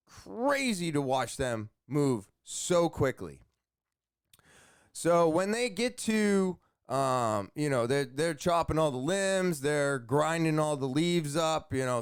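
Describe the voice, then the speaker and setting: A man's voice: on the high side, lively intonation, takes it slowly, smooth, no room sound, clean studio sound. A man hosting his own show, telling a long rambling story with many fillers and repeated words. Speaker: podcast host. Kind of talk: casual storytelling monologue.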